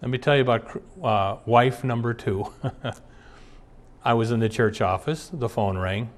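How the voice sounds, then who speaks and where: A pastor from the Twin Cities area gives an earnest sermon built on personal stories, reading passages aloud and then recounting anecdotes from his ministry. His voice is mid-range and a little slow.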